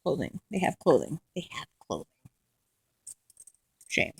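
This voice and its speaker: A woman's voice: low voice, very animated, a little slow, vocal fry, pauses often, breathy edge, no echo, rough recording. A woman at home talking to her dogs in cooing baby talk. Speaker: dog owner.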